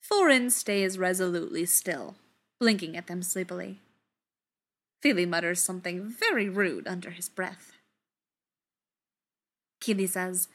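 A woman reading a story aloud in an expressive, unhurried way. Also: fairly low pitch.

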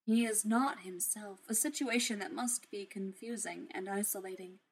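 A woman voicing a calm, polite male AI butler who speaks quietly and formally. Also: mid-range voice, moderate pace, slightly rough. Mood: solemn.

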